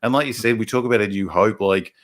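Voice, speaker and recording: A man with a lowish voice and an Australian accent talks fast while hosting a casual livestream. He rambles through viewer comments, swearing freely, using many fillers, and often restarting.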